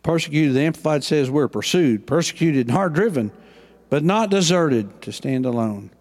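An older man, preaching a sermon as pastor with passion and swings between loud and hushed delivery. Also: a little high, expressive, moderate pace.

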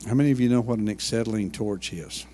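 A man's voice: on the low side, fast talker, dark tone, big-room sound. A man preaching a sermon and retelling a Bible story in a folksy way, full of asides and homey jokes. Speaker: pastor. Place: church sanctuary.

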